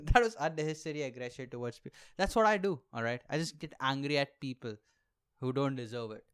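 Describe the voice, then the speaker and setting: A man's voice: medium pitch, a little fast, smooth. A young man hosting a podcast, doing a rambling, sarcastic comic monologue and laughing at his own jokes. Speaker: podcast host and aspiring comedian.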